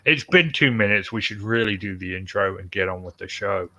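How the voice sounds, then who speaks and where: A man's voice: on the low side, fairly quick, sharp tone, dry recording, poor audio. A man hosting a podcast, reading news stories with joking, sarcastic asides. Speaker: podcast host.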